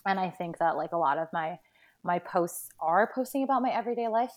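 Guesting on a podcast, this pregnant young woman sounds tired and a bit breathless yet talks briskly with lively intonation. Her fairly low voice is casual, loaded with fillers and laughs.

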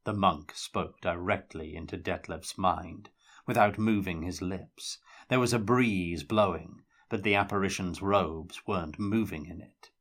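Casting: male audiobook reader, unhurried and dramatic, fairly low voice. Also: fairly bright tone. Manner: measured, dramatic storytelling. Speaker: narrator reading a novel aloud. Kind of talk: audiobook-style fiction reading.

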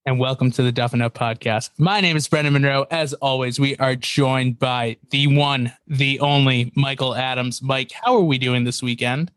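A young man hosting a golf podcast among friends, with a mid-pitched voice and a running stream of self-mocking jokes. The voice is recorded dry, with no room sound. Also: fairly even intonation, moderate pace, few pauses, fairly bright tone, smooth, dry recording. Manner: joking, self-mocking banter. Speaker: podcast host. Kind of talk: casual golf podcast chat.

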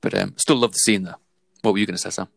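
A man in a casual film chat, telling his points in a relaxed, rambling way. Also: low voice, racing, creaky, dry recording.

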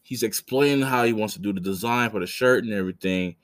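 A man in his thirties with a fairly low voice hosts a casual wrestling podcast. He rambles through a story with frequent restarts and blunt, profane asides. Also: fast. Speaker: podcast host.

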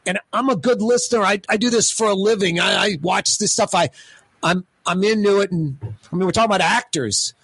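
Male radio host, slightly high voice, dry close studio sound, rambling casual talk, stammering restarts. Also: a little fast, slightly rough, no echo. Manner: rambling, animated, repeats himself with stammered restarts.

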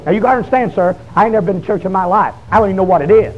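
In a very fast, high-pitched voice, a man preaches a fiery testimony, erupting into shouted, pleading bursts. The audio sounds dull and muffled, much like an old tape.

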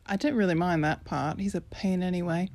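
A woman's voice: fairly low pitch, fairly even intonation, fairly quick, a little mellow. A woman with a British accent voicing a brash, sarcastic teenage girl narrating her own story, chatty and sarcastic. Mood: cheeky.

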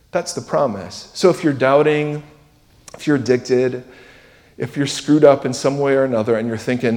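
A man preaching a sermon in a church, conversational and self-deprecating, moving between loud emphasis and hushed asides. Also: fairly high pitch, in a large hall. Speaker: pastor. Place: church sanctuary.

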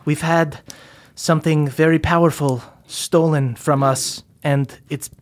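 A man voicing a teenage girl frost dwarf, anxious and pleading, hurried and polite. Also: a little high, fairly even intonation, close to an everyday voice. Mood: worried. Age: teen figure.

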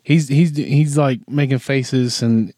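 Rambling young man with a mellow voice. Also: medium pitch, slow pace, dry recording, studio quality. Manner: rambling, many fillers and restarts. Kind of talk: casual chat recapping a movie.

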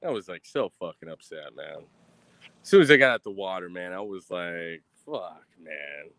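A man's voice: low voice, animated, brisk, fairly bright tone, no room sound. A young man, ranting on a livestream in a boastful, profane, swaggering way. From Texas. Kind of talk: casual rambling livestream rant. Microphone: streaming mic.

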